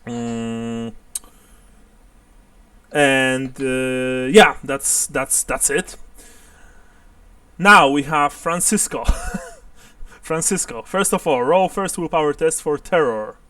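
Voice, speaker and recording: A man's voice: mid-range voice, slow pace, long pauses, bright, forceful tone, clean tone, dry recording, far from the mic. Game master, male, mid-range voice, a little off-mic, laughs a lot. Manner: explains rules, laughs often. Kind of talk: narrating a tabletop game online.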